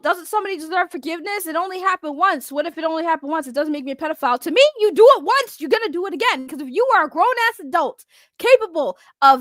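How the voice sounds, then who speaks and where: A woman with a very high-pitched voice rants into a close, dry mic. She is profane and confrontational, hammering her points home by repeating them. The delivery is a heated vlog rant. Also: a bit bright, dry recording. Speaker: online commentator.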